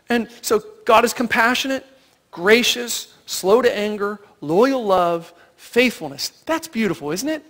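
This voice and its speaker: A man preaching a sermon as pastor, in a conversational, animated way, asking the congregation rhetorical questions and acting out the lines of Bible characters. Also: high-pitched, big-room sound. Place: church sanctuary.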